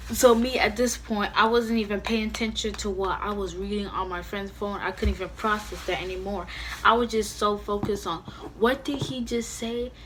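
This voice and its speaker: A young woman telling a storytime vlog at home in a casual, animated way, full of "you know" and "like". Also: mid-range voice, a little hiss or hum. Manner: animated, heavy use of "you know" and "like", acts out her own angry quotes. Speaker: vlogger.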